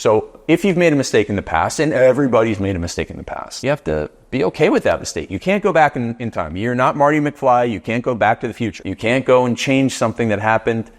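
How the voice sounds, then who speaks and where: A man's voice: mid-range voice, very animated, brisk, few pauses. Emphatic middle-aged male business coach. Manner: emphatic, repetitive rhetorical questions. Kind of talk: motivational talk.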